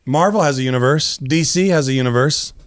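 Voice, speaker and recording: A comedy podcast host jokes around with his co-hosts, laughing often and staying animated. His medium-pitched voice moves briskly with a clean tone, recorded in a clean studio with no room sound.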